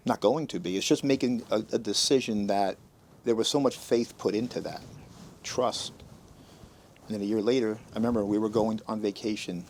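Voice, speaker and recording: Male podcast host, animated storyteller, acts out quotes, faint hiss behind. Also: lowish voice, moderate pace. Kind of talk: casual podcast chat.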